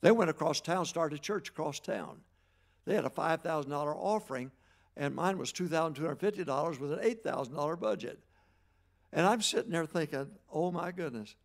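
An older man, preaching a sermon in a folksy way, swinging from loud exhortation to quiet storytelling. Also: on the high side, animated, a little fast. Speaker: pastor.

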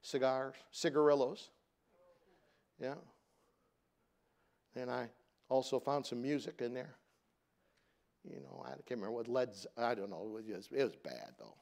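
A middle-aged male pastor preaches in a conversational, storytelling manner. His voice sits at an ordinary middle pitch. He builds up loud for emphasis, then falls hushed and low for tender moments. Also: animated, measured pace, gravelly, long pauses. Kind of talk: sermon with personal storytelling.

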